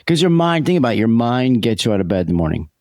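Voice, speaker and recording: A man's voice: medium pitch, big pitch swings, fast, a little mellow, no echo, studio quality. A man co-hosting a podcast, chiming in with short agreement and curious questions. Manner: brief agreeing interjections, questioning. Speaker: podcast co-host. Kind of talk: casual podcast chat.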